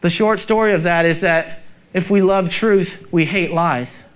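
A man's voice: sits high, unhurried. A male pastor preaching a sermon, urgent and emphatic, asking the congregation rhetorical questions.

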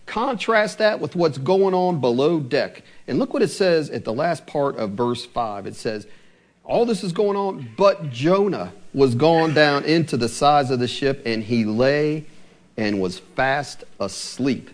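A middle-aged man preaching a sermon as pastor, animated and asking his listeners rhetorical questions. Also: on the high side, measured pace.

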